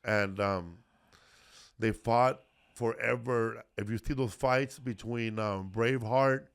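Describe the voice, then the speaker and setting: A man hosting a casual history podcast, talking at an ordinary middle pitch. He rambles through the story, full of ums, restarts and swearing, in loose comedic chat. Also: steady tone, slow pace, vocal fry, smooth. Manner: rambling, profane, many fillers and restarts. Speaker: podcast host.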